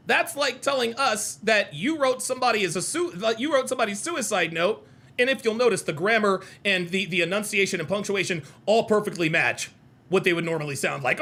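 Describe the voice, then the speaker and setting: A man hosting a reaction video, talking in an animated, mocking and profane way and repeating himself for emphasis. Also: high-pitched, a little fast. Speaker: host reacting to clips. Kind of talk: reaction commentary.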